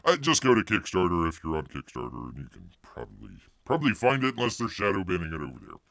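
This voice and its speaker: Gravelly, animated male livestream host. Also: low-pitched, fast, no echo. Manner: rambling, refers to himself in third person; jokey asides and silly voices. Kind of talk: casual livestream chat.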